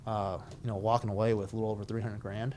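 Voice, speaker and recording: A man's voice: fairly low pitch, flat delivery, fast talker, darkish tone, slight background noise. Chatty man telling a story with fillers. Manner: chatty, full of fillers, acts out quoted dialogue. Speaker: veteran guest. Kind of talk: casual storytelling conversation.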